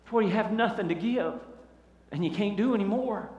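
A man's voice: high-pitched, fairly quick, darkish tone, muffled recording. A man preaching a fervent sermon, asking the congregation questions. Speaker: pastor. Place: large church hall. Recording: echoey church hall recording.

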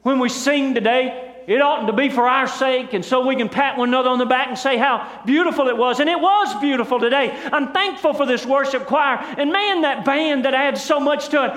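High-voiced folksy preacher man. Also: fairly quick, hardly any pauses, a bit bright. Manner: folksy storytelling with rhetorical asides to the congregation. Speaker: pastor. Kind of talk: sermon.

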